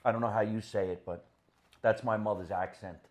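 A man's voice: on the low side, fairly even intonation, brisk. Older man joking in casual banter. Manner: storytelling, joking, laughs often. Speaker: podcast co-host.

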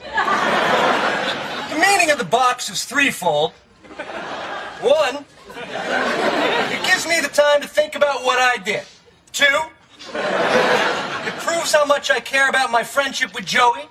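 A deadpan young guy stuck in a box, with a high, bouncing voice and very slow, dry delivery. The sitcom clip carries loud studio audience laughter and a lot of background noise. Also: over a noisy crowd, full character voice.

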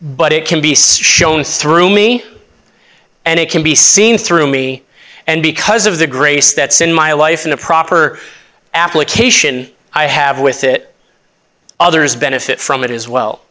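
A young man delivers a church sermon in a bright, clear voice that sits a little high. He is earnest and unpolished, often stopping and restarting his sentences as he works his thoughts out aloud. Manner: earnest, halting with many restarts and fillers. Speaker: associate pastor.

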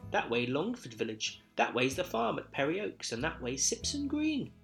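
A man voicing a feisty, sharp-tongued elderly widow in a story reading, exclaiming in a raised voice. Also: wildly swooping pitch, normal speed, creaky, soft background music, heavily acted. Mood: excited. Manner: high exclaiming delivery.

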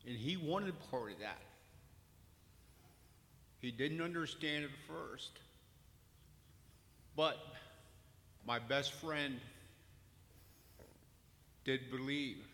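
A man from the congregation giving a personal testimony at the microphone in a slow, earnest, halting way. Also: medium pitch, pushed and bright. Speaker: church member giving testimony. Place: church sanctuary. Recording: long hall reverb with faint ambience.

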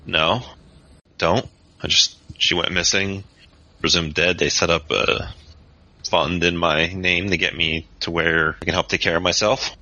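A wary young man, as a game master puts him on who fires back short, defensive questions. His voice is extremely deep with a bright, forceful edge. The sound is dull and lo-fi. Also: fairly even intonation, unhurried, dry recording, heavily acted. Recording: dull lo-fi podcast audio.

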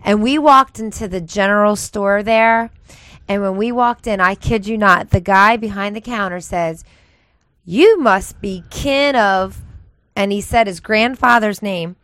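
A woman co-hosts a casual radio talk show. She tells lively stories and laughs easily. Her voice sits at a middle pitch and sounds dry and close. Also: normal speed, clear, resonant tone, no echo.

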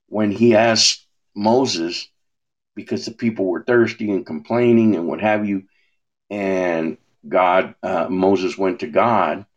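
A man talking about his faith in a relaxed way, asking rhetorical questions and often restarting his words. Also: on the low side. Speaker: minister. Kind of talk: preaching conversation.

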